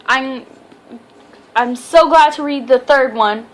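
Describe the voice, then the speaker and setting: A woman's voice: sits high, slow pace. A young woman reviewing a book in a casual vlog, chatty and rambling, often stumbling over her words. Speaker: book vlogger.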